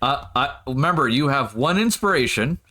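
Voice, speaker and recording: A man narrating as game master of a tabletop game, laughing often and getting excited. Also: medium pitch, normal speed.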